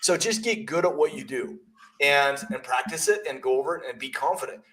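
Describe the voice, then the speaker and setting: A man's voice: medium pitch, expressive, brisk, sharp tone, poor audio. A man, a realtor and coach, talking bluntly and emphatically in a casual business podcast chat, telling stories.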